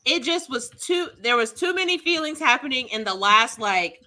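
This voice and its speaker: A woman's voice: high voice, normal speed, sharp tone. A woman co-hosting a casual podcast, ranting dramatically and animatedly. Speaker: podcast co-host. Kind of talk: casual chat.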